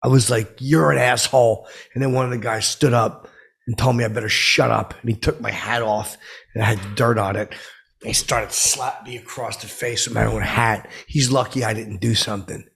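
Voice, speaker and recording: A man playing a touchy, self-important middle-aged man who rambles indignantly in a comic monologue with a gravelly, husky voice. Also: mid-range voice, steady tone, moderate pace, a bit bright.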